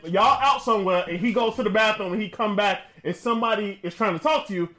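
A man's voice: high voice, quick pace, bright, forceful tone, echoey room. A man in a casual group discussion who lays out hypothetical scenarios step by step. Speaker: panelist.

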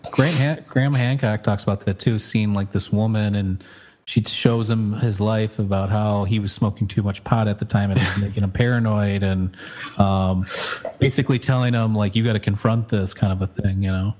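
A man's voice: lowish voice, fairly even intonation, normal speed, a little mellow. A man hosting a podcast in casual chat, easygoing and swearing freely. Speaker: podcast host.

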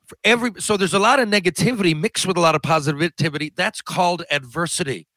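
A man hosting a casual chat, his voice bright and forceful with a dry, close sound. He drops into a low easy tone and swears casually. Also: fast talker, dry recording.

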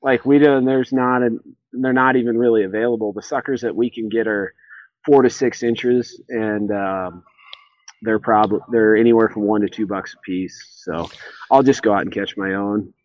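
A man chatting in a laid-back, unhurried way while fishing outdoors at night. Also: on the low side, fairly even intonation, lo-fi sound. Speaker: guest angler. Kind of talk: casual chat. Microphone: remote call from outdoors.

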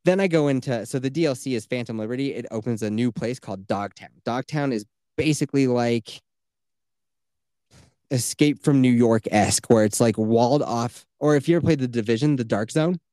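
On a clean, echo-free studio recording, a podcast host with a mellow, medium-pitched voice goes a little fast through a long, meandering story. His casual chat is full of swearing and "like" fillers.

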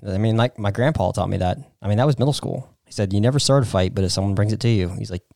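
A man chatting casually as co-host, in a quick, offhand and rambling way. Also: on the low side, vocal fry, darkish tone, dry recording, clean studio sound. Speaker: co-host, husband. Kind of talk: casual chat.

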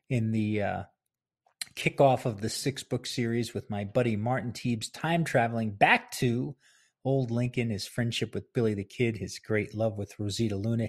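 A man talks into a close podcast mic in his home office, hosting a relaxed solo show. His voice is a bit husky and sits at an ordinary pitch. He rambles in a chatty, self-deprecating way and laughs often. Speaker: podcast host. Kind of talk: casual solo podcast talk.

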